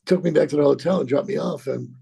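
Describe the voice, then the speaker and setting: An actor in his sixties telling a rambling, profane story in an interview, halting and repeating himself. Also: on the high side, dark tone. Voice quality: gravelly, husky.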